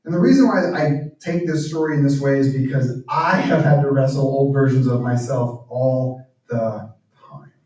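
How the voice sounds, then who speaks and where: A man's voice: mid-range voice, normal speed, dark tone. A man giving a reflective talk at a church as a guest speaker, earnest and at times dropping to near-whispers. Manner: earnest, drops to near-whispers on emotional points. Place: church hall. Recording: very echoey room, speaker far from mic.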